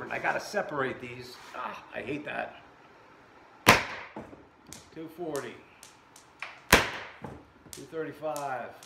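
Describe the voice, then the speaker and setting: A man's voice: mid-range voice, vocal fry. A man testing air guns in his workshop and chatting to viewers with joking asides, recorded by a camera set far away. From America. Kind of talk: casual workshop vlog. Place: indoor workshop. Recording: echoey room, background noise.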